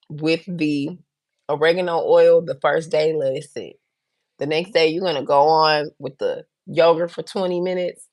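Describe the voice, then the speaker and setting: The host is a woman with a deep voice, captured with no room sound. Speaking directly to her livestream audience, she's chatty, frank and blunt as she hands out advice and tells stories of her own.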